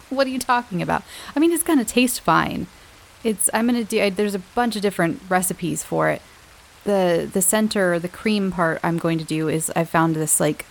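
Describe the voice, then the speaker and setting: A woman hosting her own podcast, chatting casually and warmly to her listeners with fillers and little laughs. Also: fairly low pitch, gravelly, a little hiss or hum, rough recording. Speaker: podcast host. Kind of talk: casual chat.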